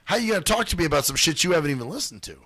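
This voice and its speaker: A man's voice: fairly high pitch, big pitch swings, rapid-fire, sharp tone, breathy edge, dry recording. A man hosting a radio show, telling profane stories in casual chat and mimicking the people in them. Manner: profane storytelling, mimics other people's voices.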